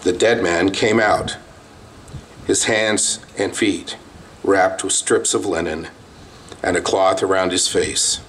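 A man's voice: low-pitched, fairly even intonation, takes it slowly, long pauses, fairly bright tone, slight background noise. A man, a pastor, preaching a sermon in a plain, conversational way with bursts of emphasis. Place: outdoor drive-in church service.

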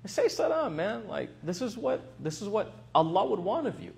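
A sly devil leans in with friendly, wheedling persuasion, as a man puts him on. He speaks a little softer than the storyteller and sits slightly higher in pitch. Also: sing-song, normal speed, gravelly, heavily acted. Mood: coaxing. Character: sly male tempter devil, coaxing and persuasive.

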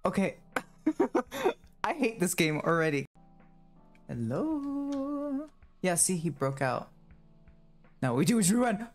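A man streams a horror game, his voice swinging up and down in a very animated way. He rambles and mocks himself, and he shrieks and laughs when something scares him. Faint game music plays behind him. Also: on the high side, brisk. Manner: rambling, self-mocking chatter. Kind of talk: live game commentary.

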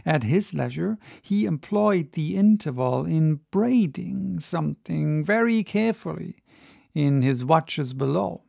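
An audiobook reader narrating a classic sea story with measured, dramatic storytelling. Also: medium pitch, expressive, creaky, dark tone, no room sound, clean studio sound. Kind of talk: audiobook reading.

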